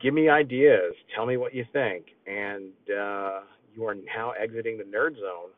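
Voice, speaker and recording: A middle-aged man hosting a casual solo podcast, rambling excitedly with lots of fillers. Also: lowish voice, unhurried, far from the mic. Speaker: podcast host. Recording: tinny phone-like lo-fi sound.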